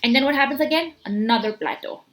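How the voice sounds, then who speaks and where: Woman giving a lively motivational talk. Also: on the high side, fast talker, a little hiss or hum. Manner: explains with hand gestures, repeats words, many fillers; animated rhetorical questions. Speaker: motivational speaker. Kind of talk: casual talk to camera.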